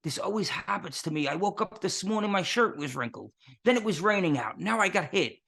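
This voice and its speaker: A man from New voicing a whiny, self-pitying man who complains in a high, drawn-out tone that bad things always happen to him. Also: lively intonation, vocal fry, a bit bright, exaggerated voice.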